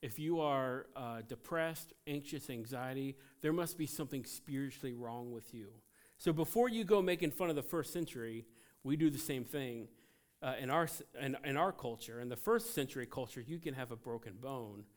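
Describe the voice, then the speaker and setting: A man preaching a sermon as pastor, emphatic and animated, swinging between loud outbursts and quiet asides. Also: mid-range voice, moderate pace. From United States.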